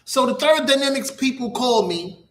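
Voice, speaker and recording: A middle-aged man hosts a radio talk show in a very high-pitched, slightly bright voice with lively intonation and a moderate pace. His casual monologue rambles, turns profane, and repeats itself, all in an echoey room.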